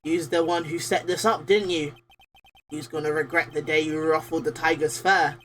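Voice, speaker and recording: A woman's voice: low voice, fairly even intonation, normal speed, a bit bright, a little hiss or hum. A woman playing a brash thuggish loan shark. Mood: menacing. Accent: Brooklyn attempt, sounds Australian. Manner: gruff, threatening street slang. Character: brash hot-headed male loan shark thug. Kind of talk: reading game dialogue aloud.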